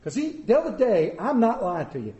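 Middle-aged male pastor, high voice, folksy joking sermon, roomy church sound. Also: sing-song, fairly quick, mellow. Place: church sanctuary.

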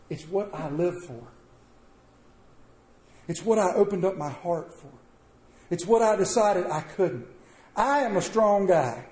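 A high-pitched male pastor preaches to his congregation in a roomy church, the sound echoing around him. His tone is mellow rather than bright, and he swings between loud, emphatic bursts and hushed, soft-spoken asides. Give it a warm, unhurried sermon feel.

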